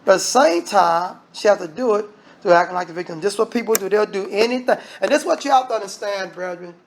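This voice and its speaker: A man preaching a lively sermon, firing off rhetorical questions and acting out voices. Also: sits high, fast talker, slight background noise.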